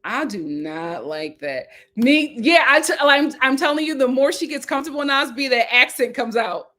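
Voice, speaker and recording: A woman with a somewhat high voice talks through a reality show recap in a loose, chatty way. She reads viewer comments aloud and says her points twice for emphasis. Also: animated, normal speed, pushed and bright. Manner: emphatic, repeats lines for effect.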